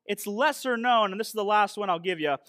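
A man's voice: high voice, brisk, fairly bright tone, dry recording. A man preaching as pastor in a church, playful and chatty, reading out song lyrics in a sing-song way. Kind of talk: sermon.

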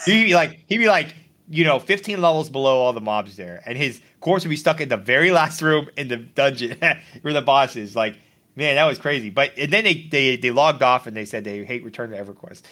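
Podcast co-host, male, bright and punchy, tells stories animatedly. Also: mid-range voice, a little fast. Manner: animated storyteller, acts out quotes. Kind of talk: casual gaming podcast chat.

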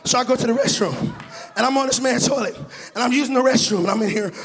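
A man preaching a sermon in a chanting, shouted cadence, mixing scripture with humorous personal stories. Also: extremely high pitch, quick pace, big-room sound, background noise. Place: church sanctuary.

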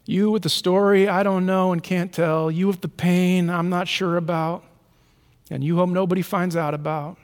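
A man preaching a sermon as pastor, earnest, often dropping his voice very low and soft for tender lines. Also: flat delivery, normal speed, big-room sound.

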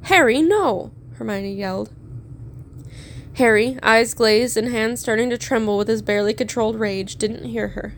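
A woman narrating a story aloud in a steady, measured reading. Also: a little high, slight background noise. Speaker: fan fiction reader.

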